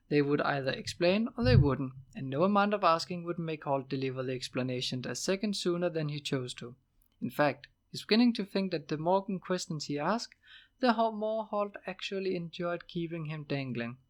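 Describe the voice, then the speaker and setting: A man reading a novel aloud as an amateur audiobook, with steady, plain narration and small slips. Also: on the high side, moderate pace. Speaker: audiobook reader.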